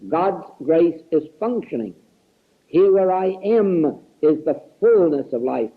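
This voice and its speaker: A man's voice: on the high side, sing-song, measured pace, narrow, tinny audio. A man giving an earnest spiritual lecture, stressing key words again and again, heard on an archival tape recording. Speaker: spiritual teacher.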